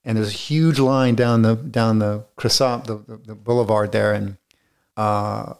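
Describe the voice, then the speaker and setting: A man's voice: fairly low pitch, fairly even intonation, a little slow, creaky, darkish tone, clean tone. A middle-aged man, a film director being interviewed, telling long, rambling stories in a casual way with many restarts.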